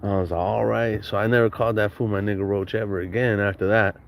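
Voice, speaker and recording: A man's voice: fairly low pitch, steady tone, very fast, slight background noise. Slangy, profane man telling stories. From Southern California. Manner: slangy, profane, laughs often. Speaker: podcast guest storyteller. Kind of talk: casual storytelling.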